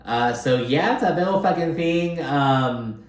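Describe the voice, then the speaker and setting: A man's voice: a little high, measured pace. A man casually recapping a reality TV episode, chatty and profane, often acting out what people said. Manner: profane, animated, chatty, often acts out quotes. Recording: echoey room.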